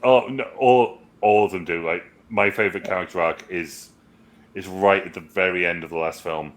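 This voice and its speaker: A man with a low voice talks at a moderate pace, co-hosting a casual podcast chat reviewing movies. He rambles, swears while recounting scenes, and quotes film lines in put-on voices.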